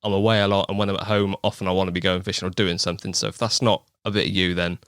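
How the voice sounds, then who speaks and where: A man's voice: deep voice, little pitch movement, fairly bright tone, smooth, no room sound, clean studio sound. A young man with a West Country accent, a podcast guest chatting in a jokey, self-mocking way. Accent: West Country English. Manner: jokey and quick-talking, laughs at himself. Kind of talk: casual interview chat.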